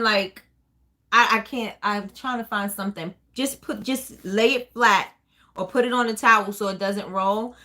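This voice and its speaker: A woman's voice: medium pitch, pushed and bright. A woman hosting a casual live chat, answering viewer questions in a rambling way with many fillers and restarts. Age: adult with a child. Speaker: host of a small business live chat.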